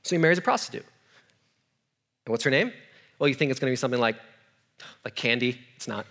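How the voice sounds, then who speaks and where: A man's voice: medium pitch, expressive, fast talker, creaky, background noise. A man, a youth pastor, giving a sermon in a conversational, storytelling way, with jokey asides and questions to his audience. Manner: joking asides and self-deprecating humor.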